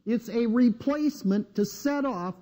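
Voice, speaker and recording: A man with a high-pitched yet mellow, dark-toned voice lectures a live seminar. He talks bluntly and needles the room with rhetorical questions. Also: a little slow.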